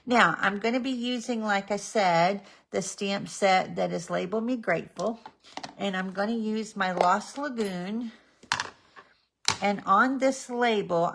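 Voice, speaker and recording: A woman hosting a live card-making demonstration, chatty and unhurried, stopping now and then to talk to her pet. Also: medium pitch, creaky, background noise. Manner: slow, chatty, talks to her pet between steps. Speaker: stamping demonstrator.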